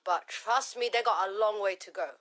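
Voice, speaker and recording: A woman's voice: mid-range voice, moderate pace, fairly bright tone. A woman with a British slang-tinged accent giving blunt, opinionated takes in a casual live chat.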